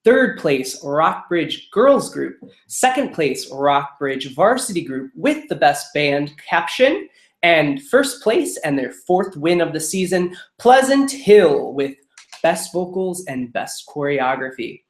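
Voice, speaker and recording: A host reading off competition results in a quick, chatty rhythm and tossing in little asides between placements. The voice sits at a middle pitch. It rings out in an echoey room. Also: big pitch swings. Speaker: show choir results host. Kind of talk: live webcast chat reading competition results.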